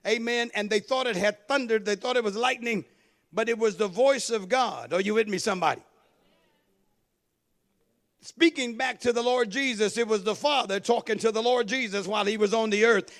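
Very high-voiced man preaching a sermon. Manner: call-and-response preaching, rising into shouted, half-sung cadences. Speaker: pastor.

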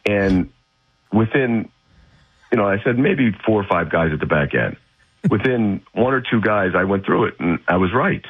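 Blunt man on a husky phone line. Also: lowish voice, animated, moderate pace. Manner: blunt, opinionated, emphatic. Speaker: guest football analyst. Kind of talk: sports radio talk.

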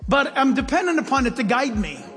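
A man with a high voice preaches a sermon from the pulpit. He tells stories in an animated way, jumping from loud bursts to quiet asides. His voice carries with a long reverb through a large hall. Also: a little fast, soft background music. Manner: animated storytelling preacher, swings between loud and hushed. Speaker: pastor.

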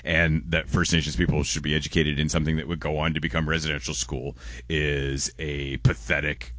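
A young man, hosting call-in talk radio, quick and loose as he reads listener texts aloud. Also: very deep voice, fairly bright tone, no echo. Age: young adult. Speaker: radio host. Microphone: close studio microphone.

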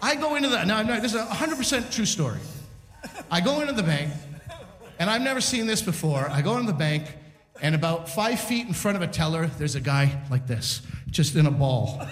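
Guy with a high voice doing a stand-up story bit, roomy echo off the stage. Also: a little fast. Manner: loose, animated storytelling with quoted voices. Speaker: comedy show host. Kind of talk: stand-up storytelling to a live crowd. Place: large theater stage. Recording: echoey hall from a distance.

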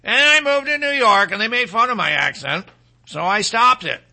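A man with a high voice and a piercing, very bright edge hosts a political talk show. He rambles, repeats himself for emphasis and slips into sarcasm, riffing loosely from one point to the next. He is from Michigan. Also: expressive, moderate pace.

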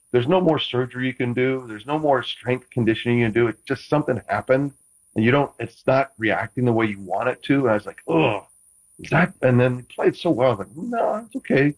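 A man's voice: mid-range voice, poor audio. A man, a former quarterback, chatting casually as a guest, rambling with frequent restarts and playful teasing. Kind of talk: casual chat.

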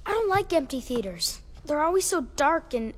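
Nervous young boy in an audio drama, high and lively, dry quips. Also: normal speed. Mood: reluctant. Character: timid young boy, jumpy and wisecracking.

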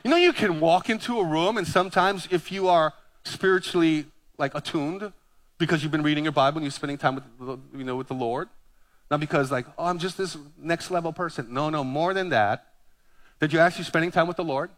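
A fifties-aged pastor from Hawaii preaches briskly in a voice on the high side. His sermon is built around personal stories, delivered with lively, self-mocking humor.

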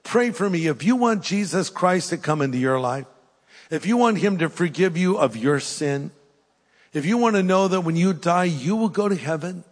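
An older male pastor preaches to a congregation, earnest and pleading, lifting his voice for emphasis and then dropping to a hush. His voice sits fairly high for a man. It rings with the long reverb of a large church hall. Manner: earnest, preacherly, swings between rising emphasis and hushed pleading. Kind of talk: sermon with altar call. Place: church hall with live audience.

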